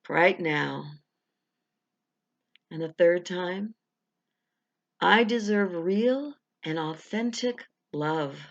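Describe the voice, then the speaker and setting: A woman hosting a guided affirmation talk in an encouraging, conversational way, slowing down to speak each affirmation. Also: mid-range voice, vocal fry. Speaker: affirmation coach, host. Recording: dull lo-fi recording.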